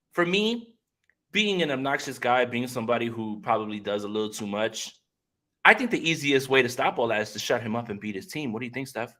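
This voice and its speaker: A man's voice: mid-range voice, a bit bright. A man co-hosting a casual live-stream sports podcast, upbeat and talking straight to the viewers. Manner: upbeat, keeps addressing viewers directly. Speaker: podcast co-host.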